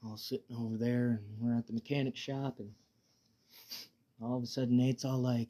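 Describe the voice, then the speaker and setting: A man hosting a casual solo podcast while high, rambling in a laid-back way, swearing freely and stammering through restarts. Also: flat delivery, moderate pace, long pauses, mellow, husky. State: high on weed. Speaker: podcast host.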